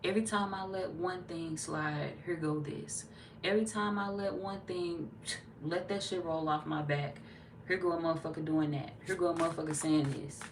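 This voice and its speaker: A woman's voice: lowish voice, moderate pace, far from the mic, background noise. A woman giving a casual tarot reading, talking bluntly with lots of cursing and acting out what other people say. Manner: blunt, profane, animated, slips into quoted voices. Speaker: tarot reader.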